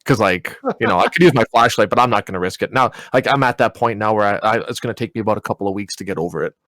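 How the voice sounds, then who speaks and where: A young man, a podcast co-host, telling a story in a casual, animated way, swearing and laughing as he goes. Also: lowish voice, rapid-fire, dry recording.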